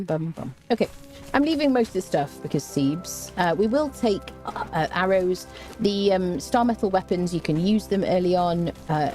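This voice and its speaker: Playful, lively woman game streamer. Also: lowish voice. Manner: chatty, playful, hums and scats while playing; talks to chat, greets viewers. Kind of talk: casual gameplay commentary.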